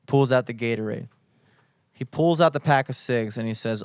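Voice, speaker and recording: A man's voice: medium pitch, a little fast, clear, resonant tone, dry recording, clean studio sound. A young man co-hosting a podcast, telling a story in a casual, profane, mock-outraged way. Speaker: podcast co-host.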